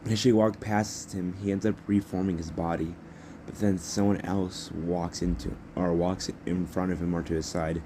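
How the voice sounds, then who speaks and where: A man's voice: deep voice, level tone, moderate pace, background noise. A young man improvising a fan story as narrator, rambling and correcting himself as he goes.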